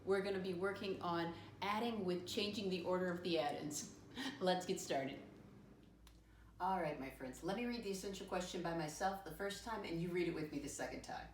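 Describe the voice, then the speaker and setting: Sing-song teacher woman in a roomy space. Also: on the low side. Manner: sing-song teacher voice, spells words slowly letter by letter. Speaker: first-grade teacher. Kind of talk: teaching a lesson to young children. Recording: roomy sound with the mic at a distance.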